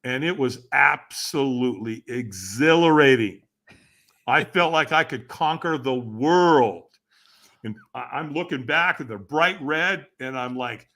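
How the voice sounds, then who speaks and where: A man as a podcast guest, telling a personal story in an animated way, acting out other people's voices and asking the listener rhetorical questions. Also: mid-range voice, unhurried. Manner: animated, acts out quoted voices with sudden shouts.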